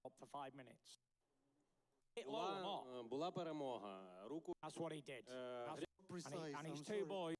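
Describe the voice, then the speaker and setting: A man's voice: fairly high pitch, unhurried, pauses often. A man boasting and trash-talking at a press conference.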